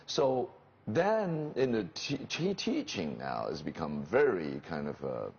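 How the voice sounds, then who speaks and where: A man with a Chinese accent, an actor and theater professor, answering interview questions haltingly, searching for words. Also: sits low, wildly swooping pitch, creaky, darkish tone, husky. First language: Mandarin. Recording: dull broadcast audio with faint hiss.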